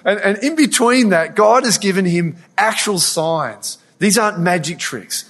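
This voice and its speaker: A man preaching a sermon, retelling a scripture story in an earnest, animated way with frequent restarts. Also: high voice, unhurried.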